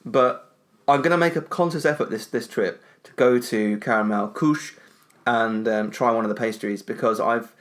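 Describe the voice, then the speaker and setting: A man's voice: medium pitch, moderate pace. A man with a British accent, co-hosting a podcast in casual chat, jokey and prone to restarting his phrases. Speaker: podcast co-host.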